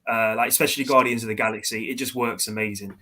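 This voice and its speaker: A man's voice: on the low side, fairly even intonation, quick pace, pushed and bright, poor audio. A man chatting casually on a video call, ranting with animation and mocking impressions. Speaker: podcast co-host. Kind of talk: casual chat.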